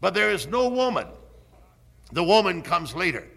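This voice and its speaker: An older man preaching a sermon, slow and emphatic, swinging up and down in his delivery. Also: sits high, sing-song, gravelly, fairly bright tone.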